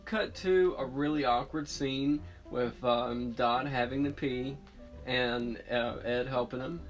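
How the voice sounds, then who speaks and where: A man talks through a TV episode recap in a loose, casual way. He keeps correcting himself and fills the gaps with ums and you-knows. A guitar track plays clearly underneath, and his pitch sits in a middling range. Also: takes it slowly. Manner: rambling, filler-heavy, self-correcting. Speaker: TV show reviewer. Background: guitar music.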